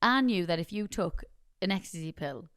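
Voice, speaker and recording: A woman's voice: on the low side, expressive, moderate pace, smooth. A woman co-hosting a podcast in casual chat, telling stories and reading listener messages aloud. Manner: chatty storytelling, reads listener messages aloud. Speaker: podcast co-host.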